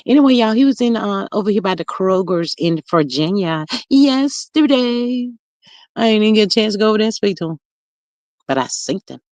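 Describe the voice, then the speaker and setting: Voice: medium pitch, animated, a little mellow, no echo. Gossipy host with a dry, close sound. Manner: gossipy and chatty, full of fillers and drawn-out asides. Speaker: livestream host. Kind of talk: casual livestream chat, reading viewer comments. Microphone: streaming mic close up.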